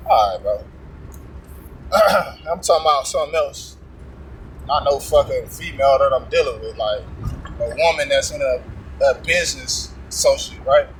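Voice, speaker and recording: A man's voice: medium pitch, expressive, a little slow, long pauses, a little hiss or hum, poor audio. A man casually telling a testimony story, acting out both sides of a tense confrontation in streetwise slang. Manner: streetwise slang with frequent profanity.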